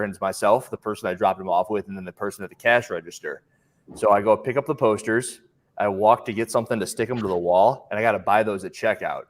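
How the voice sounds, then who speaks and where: Man, podcast co-host, casual storytelling, animated, acts out voices, lowish voice.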